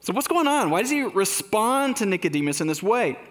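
A man's voice: high-pitched, very animated, brisk, fairly bright tone, long reverb tail. A man preaching a sermon in a conversational way, asking rhetorical questions. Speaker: pastor.

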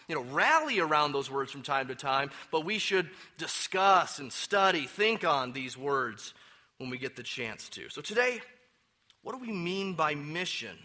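Bright-voiced man preaching a sermon. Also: on the high side. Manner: emphatic, slows down to stress key words. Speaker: pastor.

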